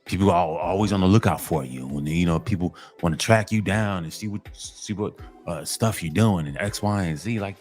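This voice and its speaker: A man's voice: low-pitched, brisk, a little mellow, soft background music. A man delivering a casual monologue to other men, emphatic and repetitive, in a preachy tone. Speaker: commentary channel host.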